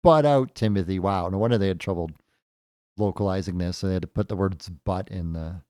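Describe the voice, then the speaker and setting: Low-pitched and dark-toned, a man speaks a little fast with a level tone as he plays a game for the first time. His let's-play commentary is casual, thinking aloud with joking asides, in clean studio sound without room noise.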